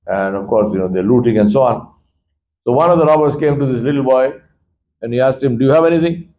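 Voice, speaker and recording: A man's voice: quick pace, muffled recording. A man giving a sermon as imam, telling a moral story in a conversational way and acting out the characters' voices. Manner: animated storyteller, acts out voices with big pitch swings; conversational, addresses listeners directly.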